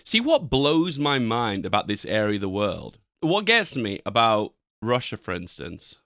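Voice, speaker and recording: A man's voice: on the low side, huge pitch swings, unhurried, fairly bright tone, no echo, studio quality. A man who reacts to a travel video and thinks aloud, asking himself questions as he goes. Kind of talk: casual commentary over a video.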